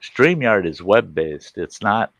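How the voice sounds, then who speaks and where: A middle-aged man tells a rambling, folksy anecdote in a relaxed chat, his voice sitting fairly low. He restarts his sentences often and drifts from one thought to the next. The sound is close and dry, with almost no room around it. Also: takes it slowly, dry recording. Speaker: host. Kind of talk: casual storytelling chat on a livestream.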